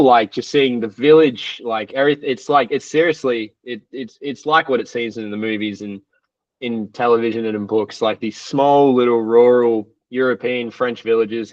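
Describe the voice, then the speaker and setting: A man's voice: medium pitch, no room sound, recorded from a distance, highs cut off. A young man, a triathlete guest, telling stories in a casual podcast interview, rambling and full of "like" fillers. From Australia.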